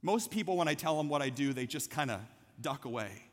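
A middle-aged man preaching a sermon as pastor, telling a story in a lively, conversational way. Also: fairly high pitch, a little fast. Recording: long hall reverb.

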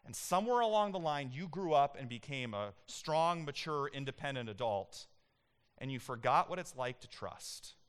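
A man in his thirties preaching a sermon as a pastor, animated and emphatic, telling personal stories. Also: mid-range voice, normal speed, clean tone.

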